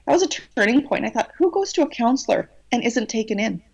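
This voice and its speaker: A woman telling a personal story in a podcast interview, cheeky and animated, with many restarts. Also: fairly high pitch, fast, creaky. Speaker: guest channeler.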